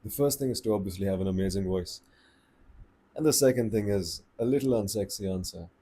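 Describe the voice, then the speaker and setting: A man giving voice tips in a relaxed, unhurried, conversational way, slowing down to stress his points. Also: lowish voice, husky. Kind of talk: casual advice talk to camera.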